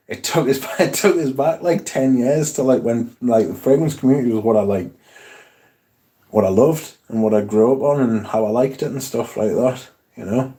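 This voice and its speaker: A man with a mellow, warm, relaxed voice hosts a casual livestream from home. He rambles, swears freely and reads viewer comments aloud between his own asides. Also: medium pitch. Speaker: fragrance livestream host.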